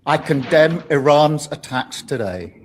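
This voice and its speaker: Measured British male politician. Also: a little high, animated, a crowd in the background. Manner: measured, deliberate delivery. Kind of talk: formal official statement.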